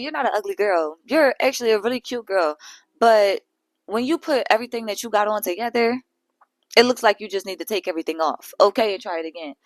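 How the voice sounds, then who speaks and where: A woman's voice: mid-range voice, dry recording, rough recording. A woman hosting a reality show recap, chatting casually with profane, laughing asides. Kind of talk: casual chat.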